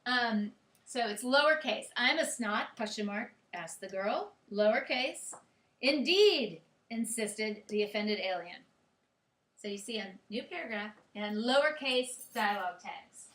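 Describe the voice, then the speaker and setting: A woman's voice: medium pitch, unhurried, a bit bright. A woman teacher giving a grammar lecture in a classroom, explaining step by step and checking in with her students. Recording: echoey classroom.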